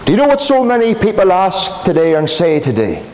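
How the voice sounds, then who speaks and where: High, lively Northern Irish preacher. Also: male voice, a little fast, a little hiss or hum, rough recording. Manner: emphatic, repetitive, addresses listeners as friends. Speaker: pastor. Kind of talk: revivalist gospel sermon. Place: gospel hall.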